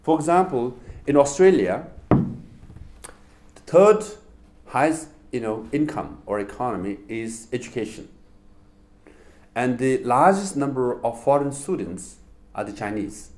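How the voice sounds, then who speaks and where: Addressing a university crowd, a middle-aged public speaker with a Tibetan accent tells stories full of rhetorical questions in an animated way. He speaks a little slowly at a mid-range pitch, pausing often.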